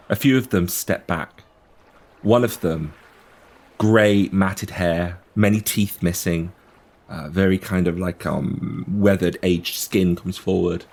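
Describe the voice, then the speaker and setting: A man narrating a tabletop game as game master, with vivid description. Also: low voice.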